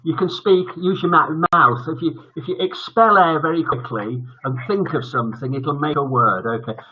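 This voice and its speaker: Husky older man hosting. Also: a little high, normal speed, highs cut off. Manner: jokey, chatty, teasing. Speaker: host. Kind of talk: live-streamed bedtime story show chat.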